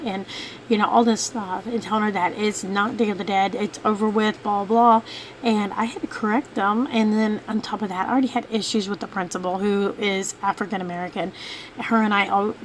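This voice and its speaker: A woman's voice: mid-range voice, slight background noise, poor audio. A woman telling a long, rambling personal story as a mother in a casual vlog, with many fillers and restarts. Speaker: vlogger, mother.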